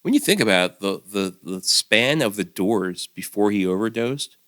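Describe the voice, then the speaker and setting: A man's voice: fairly low pitch, lively intonation, fairly bright tone. A middle-aged man co-hosting a podcast in casual chat, talking bluntly, cursing freely and chiming in often. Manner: blunt, profane, quick to chime in. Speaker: podcast co-host.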